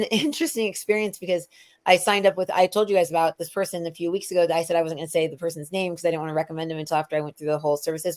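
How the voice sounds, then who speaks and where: A middle-aged woman hosts a casual spiritual conversation. Her voice sits a little low, and she rambles loosely, full of fillers and false starts. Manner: rambling, lots of fillers and restarts. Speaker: show host.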